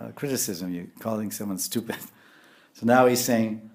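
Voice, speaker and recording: A man with a somewhat low voice delivers a spiritual sermon. His talk is animated and full of restarts, and he breaks into soft chuckles as he explains. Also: normal speed. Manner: animated, lapses into scolding voices when quoting. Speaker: spiritual teacher.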